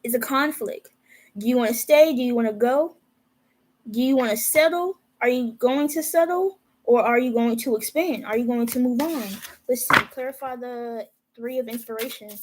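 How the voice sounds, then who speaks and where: A woman's voice: on the high side, moderate pace, rough recording. A young woman giving a casual, profane tarot reading, talking straight to her viewers. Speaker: tarot reader.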